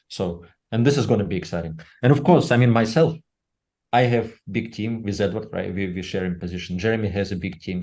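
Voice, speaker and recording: A slightly low-voiced man with a dark, mellow timbre talks loosely on a webinar. He halts often, fills gaps with "uh" and keeps checking in with a tag "right?". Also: creaky. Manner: halting, full of "uh" and tag "right?". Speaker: company leader speaking on a webinar. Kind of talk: unscripted webinar talk.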